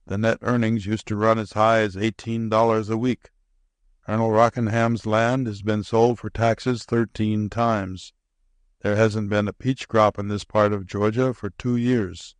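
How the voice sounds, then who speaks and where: A man's voice: lowish voice, dry recording, close to an everyday voice. A man voicing a pompous, long-winded small-town railroad president in an audiobook. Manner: formal, long-winded, apologetic.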